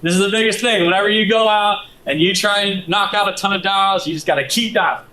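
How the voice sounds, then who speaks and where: A man teaching a live workshop, coaching the room in a brisk, direct way. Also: high voice, fairly even intonation, sharp tone, low-quality recording. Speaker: instructor.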